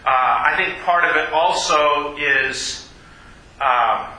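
A man teaching a Bible class, speaking haltingly with many repeated words and asking the group questions. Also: fairly high pitch, sharp tone, reverberant, poor audio.

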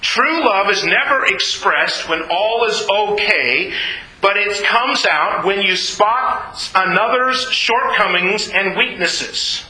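A male pastor preaching an animated sermon, acting out voices from Bible scenes. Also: sits high, slow, echoey room, rough recording.

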